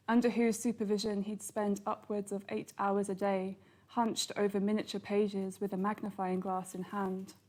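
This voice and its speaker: A woman reads her own literary fiction aloud at a bookshop launch. Her delivery is calm and measured, with a notably flat, steady pitch that rarely rises or falls. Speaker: author reading her novel. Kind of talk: literary reading. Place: bookshop event.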